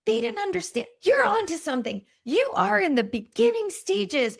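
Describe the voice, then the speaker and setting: Encouraging older dad, retired doctor, emphatic and high as a woman quotes him. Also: sing-song, normal speed, gravelly, heavily acted. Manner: emphatic, reassuring.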